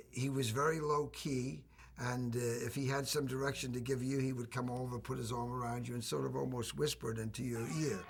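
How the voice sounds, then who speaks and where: An older actor reminiscing in an interview, telling anecdotes with a raspy voice. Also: male voice, mid-range voice. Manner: warm anecdotal storytelling with laughs. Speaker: actor recalling a film.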